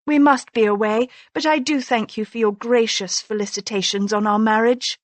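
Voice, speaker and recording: A woman voicing a sharp-tongued young noblewoman in an audiobook, with an arch, teasing manner. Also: fairly high pitch, steady tone, normal speed, dry recording, natural voice. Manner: arch, teasing, mock-concerned.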